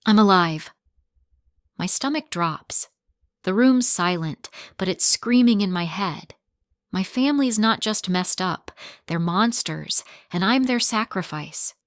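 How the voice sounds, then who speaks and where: A woman narrating a dark first-person story in a tense, dramatic way. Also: mid-range voice, expressive, unhurried, no echo, clean studio sound.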